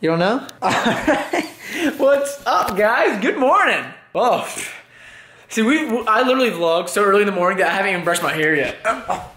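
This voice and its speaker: A man's voice: sits high, brisk, sharp tone. A young man from Alabama, a family vlogger, talking casually and playfully with lots of fillers. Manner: chatty, filler-heavy, playful. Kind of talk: casual vlog talk. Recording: echoey room with faint music.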